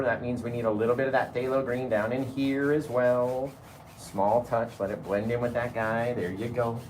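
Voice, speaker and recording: Guy running a live paint-along, mid-pitch voice, chatty, keeps saying right?, faint hiss behind. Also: roomy sound. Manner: laughs easily while talking. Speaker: painting instructor.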